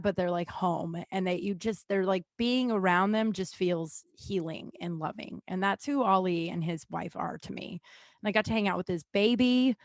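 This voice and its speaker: A woman hosting her own podcast, talking in a rambling, unscripted way, swearing often, restarting sentences and swinging between loud and quiet. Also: medium pitch, no room sound. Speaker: podcast host. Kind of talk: casual monologue.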